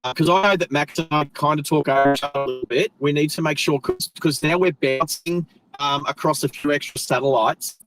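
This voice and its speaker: A man's voice: on the high side, fairly quick, fairly bright tone, soft background music, poor audio. An Australian man hosting a live stream, chatting casually and rambling as he corrects himself mid-sentence. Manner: rambling, chatty, self-correcting, friendly slang. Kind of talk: casual live stream chat while driving.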